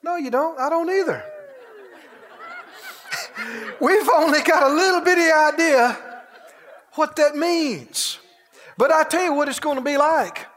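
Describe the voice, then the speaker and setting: High-voiced, exuberant male preacher. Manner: exuberant, breaks into laughter and shouted exclamations; drawn-out, emphatic phrasing. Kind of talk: sermon.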